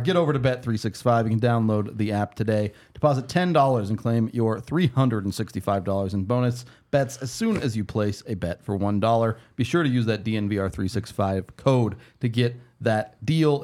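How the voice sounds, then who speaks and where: A man's voice: mid-range voice, darkish tone. A man hosting a sports podcast, reading sponsor ads between casual chat and laughing often. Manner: laughs often, brisk ad reads. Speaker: podcast host.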